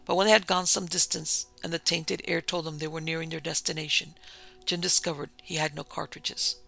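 A man narrating a story aloud in a measured, even reading. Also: fairly high pitch, gravelly, soft background music. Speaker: audiobook narrator.

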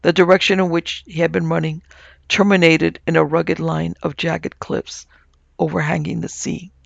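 Gravelly male audiobook narrator. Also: a little high, no room sound, muffled recording. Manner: measured, even-toned storytelling. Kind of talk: scripted narration.

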